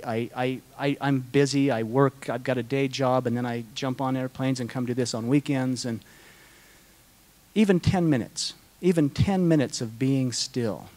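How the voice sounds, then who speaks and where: A man's voice: medium pitch, darkish tone. A middle-aged man answering audience questions at a conference, speaking in an earnest, heartfelt storytelling way with frequent restarts.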